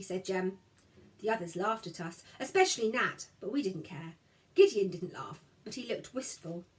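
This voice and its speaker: Woman narrator, first-person storybook; tender, expressive, lively pitch. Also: moderate pace. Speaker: audiobook narrator.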